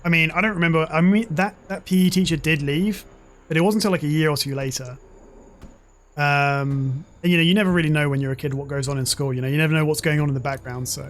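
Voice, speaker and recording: Male streamer, 40s, slightly high voice; loose, rambling, profane gaming chatter. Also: fairly even intonation, quick pace. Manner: rambling and profane, swears freely. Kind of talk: casual chat while gaming.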